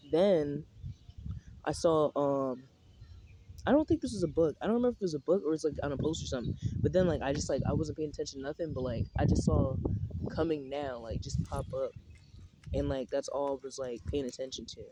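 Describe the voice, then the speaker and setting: A man's voice: fairly high pitch, fairly quick, dark tone. Young man, casual vlog, slangy, profane, rambling, outdoor park, faint background noise. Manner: rambling, profane slang-heavy talk with many fillers. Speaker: vlogger.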